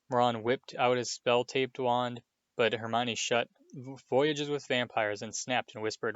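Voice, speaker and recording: A man reading a novel aloud in a steady storytelling manner, with small slips. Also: medium pitch, moderate pace, clean tone, no echo. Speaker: audiobook reader. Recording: dull, dry lo-fi home recording.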